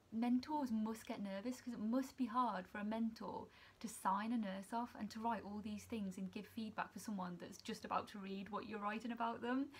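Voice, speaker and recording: A young woman, a student nurse chatting casually to her vlog camera, emotional and quick to laugh. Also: medium pitch, slightly rough. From England. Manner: emotional, chatty, laughs often, near tears.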